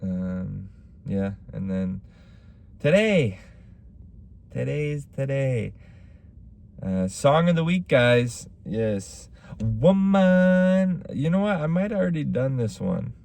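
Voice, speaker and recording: A man's voice: mid-range voice, sing-song, slow pace, vocal fry, long pauses, a little mellow. A young man hosting a casual solo podcast, rambling through stories about his stand-up shows and acting out what people said. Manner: rambling storytelling with acted-out quotes. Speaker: podcast host; stand-up comic.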